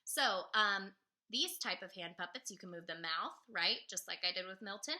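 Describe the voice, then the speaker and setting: A woman's voice: mid-range voice, moderate pace, pushed and bright. A woman teacher giving a friendly, upbeat lesson to her class by video, explaining step by step in a chatty way.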